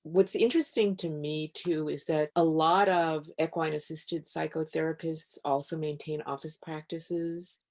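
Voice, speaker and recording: A woman who is a physician and author, guest on a podcast interview, telling stories in a calm, measured way. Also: deep voice.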